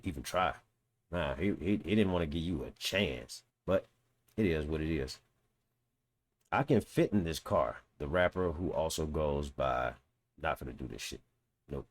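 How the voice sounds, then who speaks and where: A man reading a news article aloud and breaking off into blunt, mocking, profane reactions. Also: low-pitched. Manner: blunt, mocking, swears, reads quotes aloud then reacts. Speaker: commentary host.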